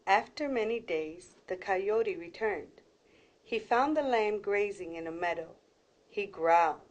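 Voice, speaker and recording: A woman, a guest reader, reading a children's picture book aloud with expressive storytelling. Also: mid-range voice, measured pace, muffled recording.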